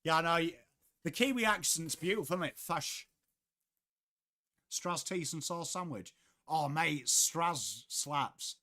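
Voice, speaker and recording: A young Englishman hosts a live football watchalong, with a fairly high voice for a man. He chats loosely, curses casually and greets viewers by name between bits of play-by-play. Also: lively intonation, unhurried, sharp tone. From England. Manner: chatty, swears casually, reads out viewer chat. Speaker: livestream host.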